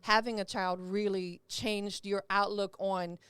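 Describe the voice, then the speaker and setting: A woman's voice: mid-range voice, little pitch movement, measured pace, a bit bright, smooth, no echo. A woman hosting a podcast interview, chatty and encouraging. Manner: chatty, encouraging, uses lots of "you know what I'm saying". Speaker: podcast host. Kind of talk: casual interview chat.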